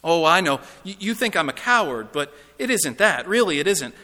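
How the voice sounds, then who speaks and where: A man voices a cowardly, frightened male ghost who whimpers, stammers and begs in a pleading, panicked mood. His voice is on the high side and sing-song, with a bright, forceful tone at normal speed, recorded in a reverberant hall.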